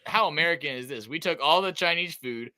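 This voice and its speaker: A man's voice: a little high, expressive, fairly quick, sharp tone, no room sound. A man co-hosting a podcast, chatting casually and giving emphatic, playfully opinionated takes. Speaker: podcast co-host. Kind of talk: casual chat.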